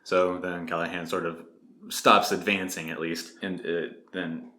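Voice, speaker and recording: Deep-voiced man recapping a book. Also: a little slow, roomy sound. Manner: relaxed, retelling the plot with filler words. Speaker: podcast co-host. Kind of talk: casual book discussion.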